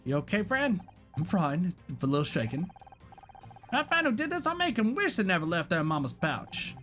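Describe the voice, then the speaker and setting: Man putting on a blustery bar-owner woman, put-on accent, raised pitch, game voice. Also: very animated, moderate pace, fairly bright tone, faint music behind. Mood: gruff. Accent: put-on unplaced accent. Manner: blustery, threatening.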